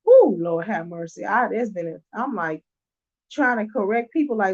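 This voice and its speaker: A woman's voice: medium pitch, very animated, moderate pace, dull audio. A middle-aged woman and teacher talking casually to camera from her bed, emphatic and conversational. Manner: emphatic, conversational, keeps asking "you know what I'm saying". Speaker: early-childhood teacher. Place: resting in her bed at home.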